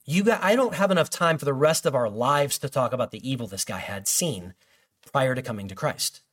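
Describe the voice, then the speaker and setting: A man's voice: medium pitch, lively intonation, brisk, a bit bright. A man preaching a sermon in a loose, conversational way, with many restarts and fillers. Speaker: pastor.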